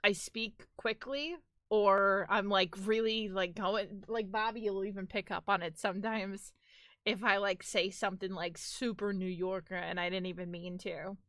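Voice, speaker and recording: A woman's voice: mid-range voice, steady tone, moderate pace, a bit bright, no echo, studio quality. A woman with a New York accent chatting casually on a live stream, rambling and filling her talk with "like".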